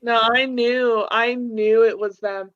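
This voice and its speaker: A woman's voice: fairly high pitch, steady tone, slow pace, dull audio. A young woman chatting on a casual podcast, talking freely and acting out the dialogue in her stories. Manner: chatty, acts out quoted dialogue. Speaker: podcast guest, host's wife. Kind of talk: casual chat.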